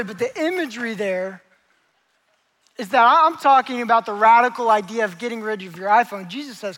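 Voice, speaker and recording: A young man preaching a sermon as a pastor, telling stories with lively acted-out characters. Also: extremely high pitch, a little fast, poor audio. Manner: animated storytelling, acts out characters.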